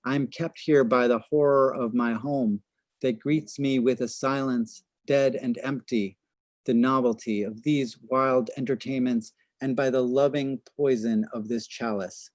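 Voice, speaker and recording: A man voicing a tormented young feast-master, defiant and impassioned. He speaks at an unhurried pace in a dry, close sound. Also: mid-range voice, steady tone, darkish tone, dry recording, close to an everyday voice. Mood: anguished. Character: anguished young male feast chairman.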